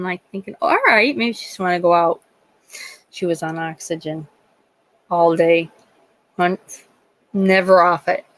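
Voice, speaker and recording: A woman's voice: lowish voice, dry recording, low-quality recording. Rambling northeastern Pennsylvania woman. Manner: emotional, rambling storytelling with frequent restarts. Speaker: livestream host. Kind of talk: casual live-stream chat.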